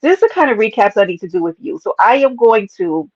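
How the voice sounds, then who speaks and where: A woman hosting a casual livestream, talking straight to her viewers, playful and animated, greeting people from the chat. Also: medium pitch, fast talker, dry recording, muffled recording. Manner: animated, playful, talks to chat as baby and y'all. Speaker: livestream host.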